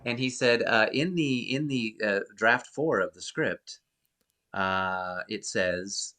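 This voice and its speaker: A man's voice: lowish voice, measured pace, sharp tone. A man being interviewed as a guest actor, telling an anecdote in a rambling way with many fillers and restarts. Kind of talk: casual interview storytelling.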